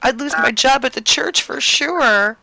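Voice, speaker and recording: A woman's voice: high-pitched, a little slow, vocal fry, bright, forceful tone, no echo, low-quality recording. A woman improvising a flustered, gushing role as a prank on a phone scammer, fussy and soothing by turns. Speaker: scambaiter playing a flustered caller.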